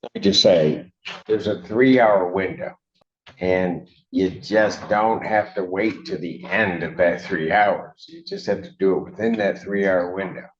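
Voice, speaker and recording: Slow, stern deep-voiced man in court. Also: fairly even intonation. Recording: dull lo-fi courtroom audio.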